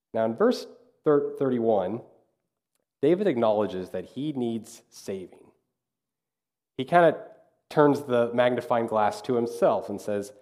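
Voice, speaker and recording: Mellow-voiced man preaching casually. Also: medium pitch, lively intonation, unhurried, long pauses. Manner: conversational preaching with acted-out asides. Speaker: pastor. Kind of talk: sermon.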